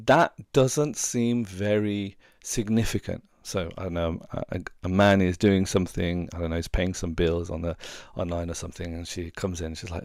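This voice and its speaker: A man's voice: low voice, steady tone, moderate pace, few pauses, darkish tone, dry recording, studio quality. A middle-aged man, a relationship coach giving earnest, conversational advice and sharing personal stories. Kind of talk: casual advice talk.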